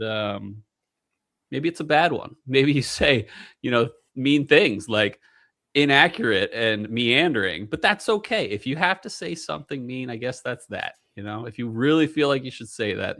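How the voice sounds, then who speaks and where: A man's voice: mid-range voice, fairly bright tone. A man co-hosting a casual whiskey podcast, joking and rambling with plenty of fillers. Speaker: podcast co-host.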